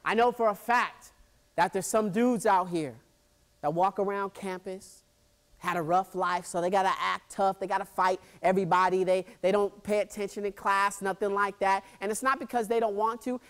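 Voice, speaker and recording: Animated man telling stories to students. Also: high-pitched. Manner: animated storyteller who acts out scenes, makes sound effects and quizzes the crowd. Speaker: motivational speaker. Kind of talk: motivational school assembly speech. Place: high school assembly hall.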